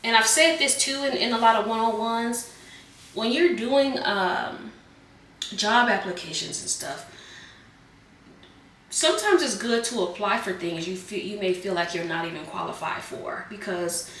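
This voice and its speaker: A woman doing a casual tarot reading, a bit hoarse as she is losing her voice, chatting loosely with many fillers. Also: mid-range voice, measured pace, fairly bright tone, roomy sound, far from the mic, a little hiss or hum. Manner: chatty, filler-heavy, calls viewers "Geminis". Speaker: tarot reader.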